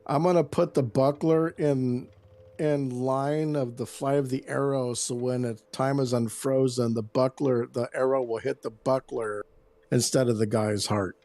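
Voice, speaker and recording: A man at the gaming table, eagerly thinking through ideas aloud. His words sometimes tumble out in quick bursts. His voice is middle-pitched and sounds dry and close, with no room sound. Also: steady tone, dark tone, no echo. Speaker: player. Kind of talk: casual tabletop game chat.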